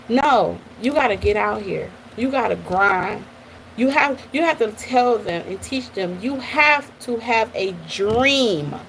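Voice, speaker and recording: A woman hosting a motivational live stream, telling stories in an animated way and talking straight to her listeners. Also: fairly high pitch, vocal fry, slight background noise, poor audio. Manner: animated, addresses listeners as y'all, repeats okay. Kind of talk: motivational storytelling talk.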